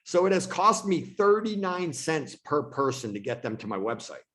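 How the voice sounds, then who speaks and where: A man's voice: fairly high pitch, sing-song, normal speed, fairly bright tone. A man who leads a real estate team, teaching agents on a video call in a casual way and repeating himself for emphasis. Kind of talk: online training presentation.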